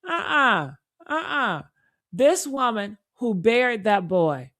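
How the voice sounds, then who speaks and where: A woman's voice: fairly high pitch, fairly bright tone. A woman giving reaction commentary in an emphatic, repetitive way, calling listeners honey and baby. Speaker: commentary creator.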